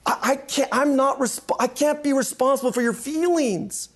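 High-voiced man teaching with emphasis. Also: normal speed. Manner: emphatic, repeats key points, asks "right?". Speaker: pastor and counseling instructor. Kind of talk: teaching lecture.

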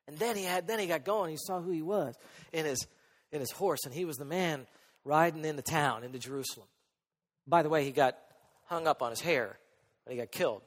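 Animated man preaching in a hall. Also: a little high. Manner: animated, swings from soft asides to loud emphatic points. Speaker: pastor. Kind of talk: sermon. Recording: long hall reverb.

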